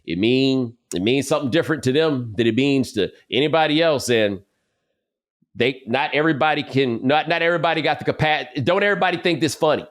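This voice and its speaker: A man's voice: mid-range voice, fairly quick. A man co-hosts a casual sports and culture podcast. He tells stories with playful energy and leans on slang. His voice sits in a middle register. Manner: animated, playful storytelling with slang. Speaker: podcast co-host.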